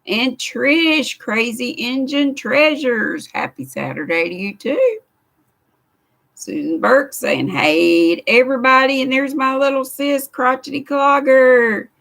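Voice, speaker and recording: A woman's voice: sits high, expressive, takes it slowly, vocal fry, fairly bright tone. An older woman with a Southern American accent hosting a casual live stream from a craft room, greeting viewers by name in a chatty, homespun way. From United States. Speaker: livestream host. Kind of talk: casual live chat, reading viewer comments.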